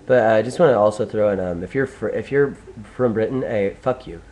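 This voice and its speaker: A man's voice: fairly low pitch, a little fast, darkish tone, low-quality recording. A young man from the United States talking alone in a casual, profane, rambling monologue with many restarts. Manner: profane, ranting, full of restarts. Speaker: vlogger.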